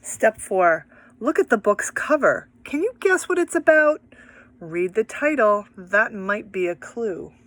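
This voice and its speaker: A woman teaching children how to read aloud with a buddy, in an animated, sing-song and encouraging way. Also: mid-range voice, unhurried, no room sound. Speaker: reading teacher.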